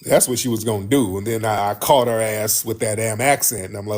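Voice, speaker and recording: A man hosting a show, talking straight to his listeners in a blunt, animated way and often repeating himself. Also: lowish voice, fairly quick. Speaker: host. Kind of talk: casual monologue to listeners.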